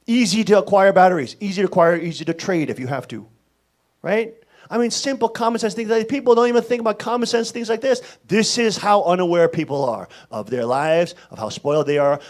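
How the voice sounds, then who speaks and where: Animated, scolding male preacher. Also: sits high. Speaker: pastor. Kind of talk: sermon.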